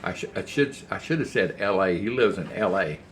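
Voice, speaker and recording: A man's voice: deep voice, lively intonation, a little fast, a bit bright, slight background noise. An older man, rambling folksy stories as he cooks in his home kitchen. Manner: rambling, folksy storytelling while cooking. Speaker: cooking channel host. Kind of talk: casual cooking vlog chat.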